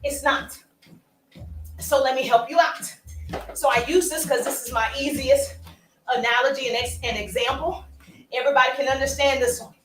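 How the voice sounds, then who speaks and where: A woman's voice: high-pitched, normal speed, pauses often, music in the background. A woman coaching on social media marketing, talking playfully and with emphasis as she walks along. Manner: animated, playful and emphatic, with asides and laughs. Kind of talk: energetic coaching talk to camera. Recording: roomy sound, voice from a distance.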